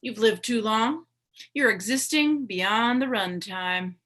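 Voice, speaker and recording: A woman's voice: a little high, takes it slowly, fairly bright tone. A woman voicing a possessed man who turns into a menacing western villain, speaking with a slangy drawl in a live play reading.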